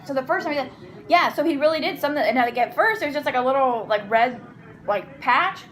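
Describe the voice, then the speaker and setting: A woman's voice: high voice, animated, quick pace, fairly bright tone, slight background noise, low-quality recording. A young woman hosting an eating vlog at home, chatting casually between bites and rambling through a long story. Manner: rambling storyteller, talks with food in mouth. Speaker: vlog host and mother. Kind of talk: casual chat while eating. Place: family home at the table.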